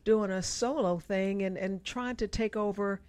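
A woman's voice: medium pitch, steady tone, moderate pace, a little mellow, no room sound. Dry-sounding chatty woman co-host. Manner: chatty, hesitant with fillers. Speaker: radio co-host. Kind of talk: casual chat.

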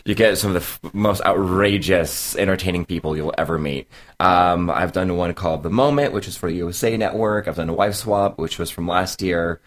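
Deep-voiced male casting producer, upbeat and easygoing guest chatter. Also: a little fast. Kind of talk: casual interview chat.

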